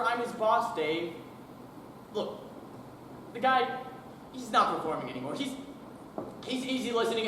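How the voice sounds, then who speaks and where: A man's voice: high-pitched, fairly bright tone, a little hiss or hum. A young man playing a hot-tempered, bullying boss who rants and sneers down the phone during a humorous speech performance. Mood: ranting. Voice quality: ranting, bullying, sarcastic. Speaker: speech competition contestant. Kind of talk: humorous interpretation monologue. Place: school auditorium. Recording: echoey hall from far off.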